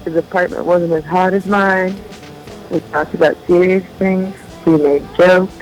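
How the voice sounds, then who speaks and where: A woman's voice: lowish voice, fairly even intonation, a little slow, soft background music, poor audio. A woman musician interviewed as a guest, chatting casually with dry, offhand humor.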